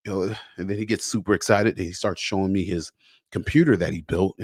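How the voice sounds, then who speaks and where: A man hosting a podcast in a casual, animated monologue, slangy and acting out bits of dialogue. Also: fairly low pitch, fast talker, no echo, clean studio sound. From United States. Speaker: podcast host.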